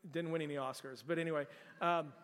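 A man's voice: a little high, fairly even intonation, quick pace, a bit bright, clear, resonant tone, in a large hall. A man in his forties from Texas, preaching a sermon as pastor in a conversational storytelling way, often restarting his sentences.

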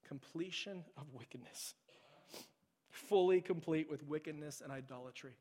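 Male pastor, higher-pitched, passionate sermon in a church with long reverb. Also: a little slow, pauses often. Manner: swings from loud, urgent preaching to hushed near-whispers. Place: church sanctuary.

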